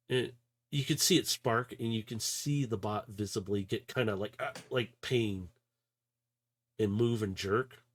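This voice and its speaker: A man running a tabletop game as game master, narrating loosely with fillers, sounding a bit unwell. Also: fairly low pitch. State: unwell, coughing.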